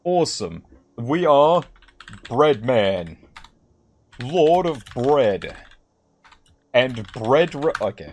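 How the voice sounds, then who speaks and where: A man's voice: medium pitch, very animated, a little slow, darkish tone. A young man chatting casually to his viewers while playing a game, rambling and joking and repeating himself. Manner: rambling, jokey, repeats himself, talks to chat. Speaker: streamer. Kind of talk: casual gameplay commentary.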